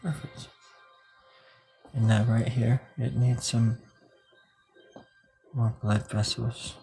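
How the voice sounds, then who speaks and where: A man's voice: medium pitch, fairly even intonation, takes it slowly, vocal fry, warm tone, breathy edge, faint music behind. Playful rambling man streaming live. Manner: rambling, playful, jokey, laughs often. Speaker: live-streaming drawing host. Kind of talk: casual live-stream chat while drawing.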